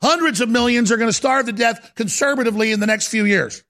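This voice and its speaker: Fiery male commentator with a raised, gravelly voice; urgent, repetitive rant. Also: very high-pitched, animated, a little fast, hardly any pauses, pushed and bright. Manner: ranting, urgent, repetitive and dramatic. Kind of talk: impassioned monologue.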